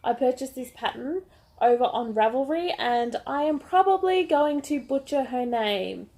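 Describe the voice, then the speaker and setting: A woman's voice: high voice, expressive, moderate pace, mellow. An Australian woman, a bit sick with a voice that is not projecting, chatting casually and gushing in a crochet vlog. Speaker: crochet vlogger.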